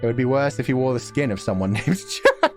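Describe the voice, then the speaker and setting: A man reading a novel aloud on stream and reacting to it in a giggly, profane, excitable way. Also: medium pitch, fast talker. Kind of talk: casual stream commentary and read-aloud. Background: faint music.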